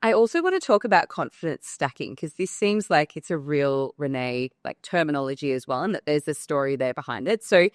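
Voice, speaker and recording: A woman hosting a podcast, asking her guest questions in a measured, inquisitive way. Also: low voice, very animated, no echo, studio quality. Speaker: podcast host. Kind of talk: interview questions.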